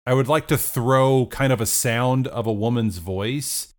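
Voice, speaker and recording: A man's voice: mid-range voice, measured pace. A man playing a tabletop game, hesitant and thinking aloud with many fillers. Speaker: player. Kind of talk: casual tabletop game play.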